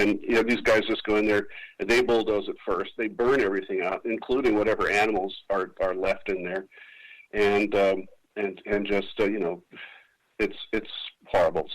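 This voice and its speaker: Rambling low-voiced man, radio interview. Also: rough recording. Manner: rambling, many restarts and fillers. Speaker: political candidate. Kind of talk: casual interview answer. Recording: radio broadcast.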